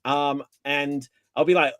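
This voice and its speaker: A man in casual chat on a geek podcast, telling animated stories and laughing at his own anecdotes. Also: on the high side, a little slow, no room sound, clean studio sound. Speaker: podcast host.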